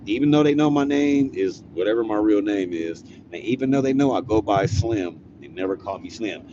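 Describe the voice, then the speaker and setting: Brief: laid-back man from California, slangy and profane, recorded in a car with clear traffic noise. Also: lowish voice, expressive, moderate pace, lo-fi sound. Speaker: storyteller vlogger. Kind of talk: casual storytelling.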